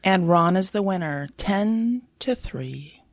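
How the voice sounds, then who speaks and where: A woman's voice: mid-range voice, lively intonation, takes it slowly, dry recording. A woman co-hosting a casual podcast, reading out quiz clues and laughing easily. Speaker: podcast co-host.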